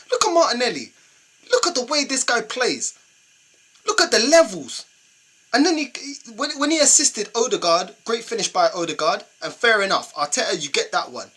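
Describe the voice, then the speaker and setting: Ranting young London man, bright and husky. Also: very high voice, sing-song, normal speed. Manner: exasperated ranting, slangy and repetitive. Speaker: football fan channel host. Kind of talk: fan match reaction rant.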